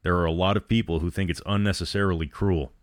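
A man voicing a male ship captain who speaks firmly and quietly. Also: deep voice, steady tone, fast, no echo, clean studio sound, natural voice. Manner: firm, quiet.

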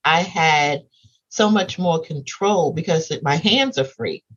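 Woman with a muffled, husky voice. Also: sits low, a little slow. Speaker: podcast co-host. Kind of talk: casual chat.

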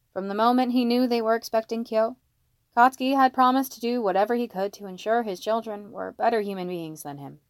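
A woman's voice: mid-range voice, a little fast, dry recording. A woman reading a fan fiction story aloud, voicing the dialogue with small shifts for each character. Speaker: fanfiction reader. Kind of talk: audiobook-style story narration.

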